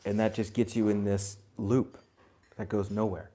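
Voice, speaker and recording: A man giving a spiritual talk to a group, gentle and reflective, chuckling now and then and dropping in blunt asides. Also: lowish voice, flat delivery, normal speed. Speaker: spiritual teacher.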